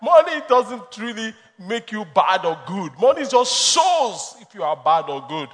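High-voiced pastor in a reverberant hall. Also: male voice, big pitch swings, a little slow, a bit bright. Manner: emphatic, storytelling, laughs often. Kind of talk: sermon. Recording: long reverb of a large hall.

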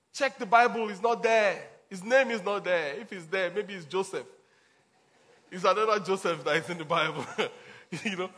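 High-voiced pastor preaching. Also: male voice, bright, forceful tone. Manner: repetitive, emphatic preaching with chuckles. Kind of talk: sermon.

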